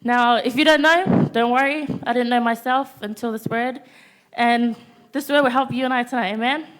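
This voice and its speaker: A woman's voice: fairly high pitch, fairly even intonation, moderate pace, fairly bright tone. A teenage girl preaching a youth-service sermon in a church, stopping to ask the congregation "Amen?" after nearly every point. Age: teens.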